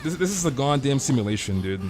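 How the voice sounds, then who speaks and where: A man streaming a game, ranting casually in an excitable voice, stammering, repeating words and swearing often. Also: medium pitch, fast talker, over music. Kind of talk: casual live-stream rant.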